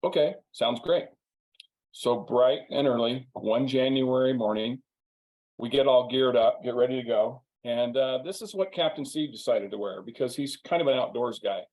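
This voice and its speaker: A man's voice: mid-range voice, normal speed, a little mellow, poor audio. A man, a guest on a business interview, telling a wry, humorous anecdote and drawing a sales lesson from it. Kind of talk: anecdotal storytelling.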